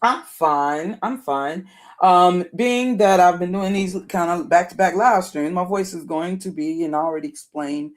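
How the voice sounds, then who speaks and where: A middle-aged woman with a deep alto voice, hoarse and worn, rambling through casual live-stream commentary and greeting viewers by name. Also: moderate pace, few pauses. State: hoarse, voice wearing out.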